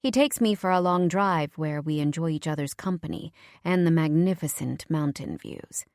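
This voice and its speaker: A woman narrates a first-person romance novel in a somewhat low voice. Her storytelling is warm and steady. The recording is close and dry. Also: moderate pace, no room sound. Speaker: audiobook narrator.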